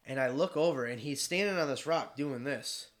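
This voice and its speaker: A Michigan man tells a hunting story in casual conversation, animated and cursing freely as he does the voices of the people involved. His voice sits in the mid range at a normal speed.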